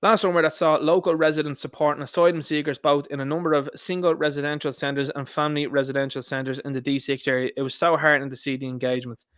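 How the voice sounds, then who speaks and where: A man rants through a solo political commentary, combative and quick to swear. His voice sits fairly high, and the sound is dry and close. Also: flat delivery, a bit bright, no room sound.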